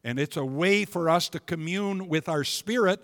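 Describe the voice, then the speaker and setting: A man preaching a sermon in a church, emphatic and building to loud, declaiming passages. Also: on the high side, normal speed. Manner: emphatic, rising to loud proclamations. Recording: long hall reverb.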